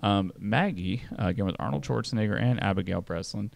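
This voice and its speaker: A man's voice: lowish voice, fairly quick, creaky, slight background noise. A man hosting a podcast, giving a casual, rambling movie review full of fillers. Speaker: podcast host.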